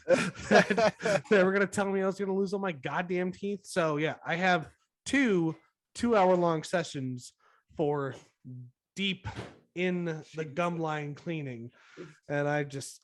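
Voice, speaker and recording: A tipsy man co-hosting a loose podcast chat tells an anxious, sarcastic story. His voice sits high and lively, and he swears as he goes. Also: unhurried. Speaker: podcast co-host.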